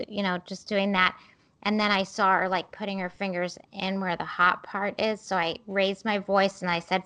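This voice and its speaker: A woman's voice: medium pitch, little pitch movement, normal speed, bright, forceful tone, clean tone. A woman in her thirties co-hosting a podcast, telling rambling, self-deprecating stories in casual chat with many fillers. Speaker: podcast co-host.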